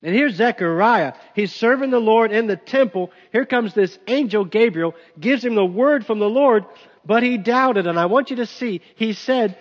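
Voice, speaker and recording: A man's voice: high voice, moderate pace. A male pastor preaching a sermon in an emphatic, conversational way, recorded dull with long hall reverb.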